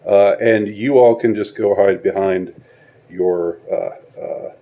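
A man delivering a spoken video monologue, halting and searching for words, with sarcastic rhetorical questions. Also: fairly low pitch, fairly even intonation, mellow, lo-fi sound. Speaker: online commentator.

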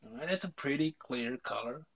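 A man's voice: medium pitch, expressive, moderate pace, fairly bright tone, husky. A young man chatting casually on his vlog, rambling with lots of fillers and casual swearing. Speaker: vlog host. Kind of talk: casual chat.

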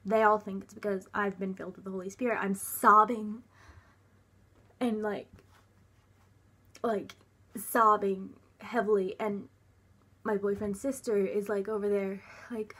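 A young woman recounts a personal story straight to the camera in a breathy, slightly husky voice. She speaks haltingly, restarting sentences and leaning on filler words. At times her voice sinks to a near whisper, while her pitch stays in a middle range. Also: flat delivery. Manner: often drops to a soft, near-whispered voice. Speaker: vlogger.

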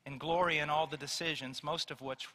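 Fervent high-voiced male preacher. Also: steady tone, a little fast, pushed and bright, in a large hall. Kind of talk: sermon.

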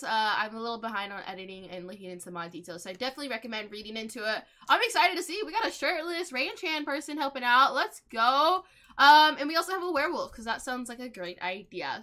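A young woman host chatting excitedly over her gameplay, with many gasps, laughs and quick exclamations. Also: on the high side. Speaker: gaming channel host. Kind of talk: casual gameplay commentary.

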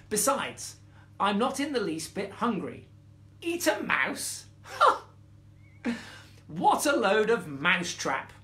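A man's voice: high-pitched, pushed and bright, full character voice. A man voicing a proud, grumpy lioness in a bedtime story, haughty and scornful. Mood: disgusted.

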